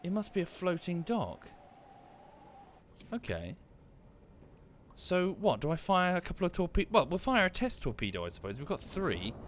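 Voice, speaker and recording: A man's voice: high voice, huge pitch swings, normal speed, pauses often, slight background noise. A man streaming a game from home, thinking aloud in casual commentary with muttered asides and self-corrections. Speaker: gaming streamer.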